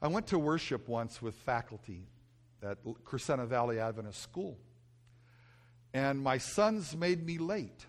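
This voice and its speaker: A man's voice: fairly high pitch, lively intonation, unhurried. A middle-aged male pastor preaching a sermon, telling stories about himself and mocking himself as he goes. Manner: storytelling, self-mocking, acts out his own yelling.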